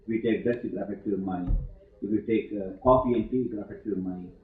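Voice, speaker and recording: A middle-aged man giving a spiritual talk to students, halting and full of fillers, with sudden emphatic stresses. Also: on the low side, steady tone. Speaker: yoga teacher giving a talk. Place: ashram hall. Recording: old archive tape, echoey hall, tinny thin sound.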